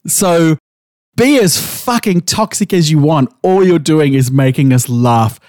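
A man's voice: a little high, expressive, a little slow, a little mellow, no echo, studio quality. An Australian man co-hosting a podcast in casual chat, blunt and profane, with a wheezy laugh. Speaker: podcast co-host.

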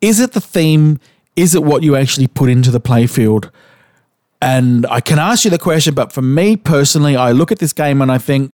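With medium pitch, lively intonation and a darkish tone, an Australian man talks briskly while co-hosting a podcast. His casual, animated chat includes probing questions and occasional swearing, in a dry, clean studio recording.

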